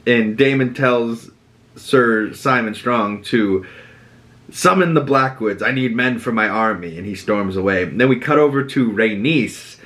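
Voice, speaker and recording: A man with a Boston accent recapping a TV episode as a podcast host, animated and sweary, acting out characters' lines. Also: unhurried. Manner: animated, quotes characters with dramatic pitch jumps and swearing. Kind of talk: casual recap monologue.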